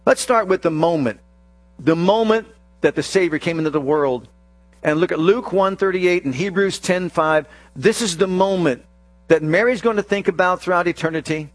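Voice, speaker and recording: A man preaching a sermon, acting out scripture scenes with slow emphasis and sudden rapid bursts. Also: on the high side, dry recording. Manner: dramatic, acts out quoted scripture voices, shifts between slow emphasis and rapid bursts.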